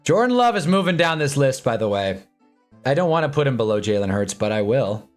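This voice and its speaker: A young man casually reacting to live football games on a stream, swinging from low muttering to excited yelling at big plays. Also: brisk, faint music behind. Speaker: sports streamer. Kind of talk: live football watch-along commentary. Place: home streaming room with green screen.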